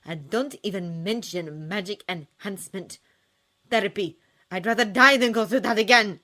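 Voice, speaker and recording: A woman's voice: fairly low pitch, very animated, slow pace, a bit bright, slightly rough, full character voice. A woman voicing a frail, stubborn young woman who curtly refuses help. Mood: defiant. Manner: curt, defiant.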